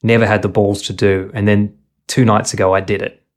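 Male podcast co-host, wry, playful, relaxed conversational delivery. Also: fairly low pitch, a little fast. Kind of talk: casual chat.

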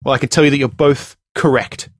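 Guy hosting a movie quiz podcast, mid pitch, dry close mic, jokey, laughs a lot. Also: fairly even intonation, dry recording. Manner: joking, laughs often, reads taglines in a slow dramatic voice. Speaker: podcast host running a movie tagline quiz. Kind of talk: casual podcast chat.

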